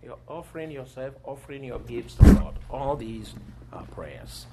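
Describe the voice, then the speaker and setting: A man preaching a sermon, telling scripture stories with lively acted-out quotes and occasional laughter. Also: medium pitch, normal speed, heavy background noise. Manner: animated storytelling, acting out quoted voices and laughing.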